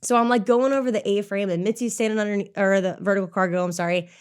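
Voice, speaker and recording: A young adult woman, a racer and coach, telling an animated race story in casual podcast chat, swearing freely and saying "like" a lot. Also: medium pitch, fast, smooth. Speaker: obstacle course racer and coach.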